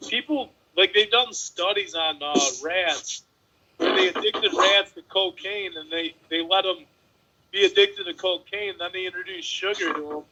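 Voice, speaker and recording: A man's voice: high-pitched, expressive, normal speed, dull audio, background noise. A man who is a bodybuilder, ranting emphatically with mild crudeness in casual podcast chat. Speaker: bodybuilder guest.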